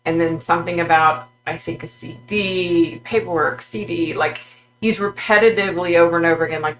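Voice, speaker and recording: A woman vlogger recounting a psychic vision in a halting way, with many fillers and restarts. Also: on the low side, wildly swooping pitch, fairly bright tone, a little hiss or hum, low-quality recording.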